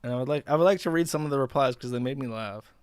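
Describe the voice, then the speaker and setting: A man's voice: mid-range voice, rapid-fire, clean tone, dry recording, studio quality. A man hosting a livestream, reading posts aloud in casual commentary with a sarcastic, profane, mocking manner. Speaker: livestream host.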